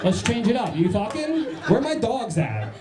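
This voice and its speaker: A man's voice: very high voice, sing-song, moderate pace, reverberant, crowd noise. Crude self-mocking man doing stand-up. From New Jersey. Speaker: stand-up comedian. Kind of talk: stand-up set. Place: comedy club stage.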